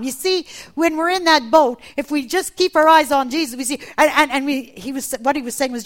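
A woman preaching a sermon, animated, acting out the voices in the Bible story she retells. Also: quick pace. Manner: animated, acts out voices in quotes with big pitch jumps.

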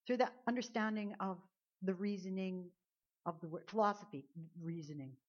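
A woman pastor preaches a sermon at a church service in a medium-pitched voice at a moderate pace. Earnest and conversational, she often repeats words as she builds a point. The recording sounds dull and lo-fi.

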